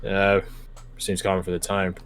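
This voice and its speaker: A man's voice: deep voice, completely flat delivery, normal speed, fairly bright tone, clean tone. A young man narrating a tabletop game as game master, rambling with many fillers and restarts.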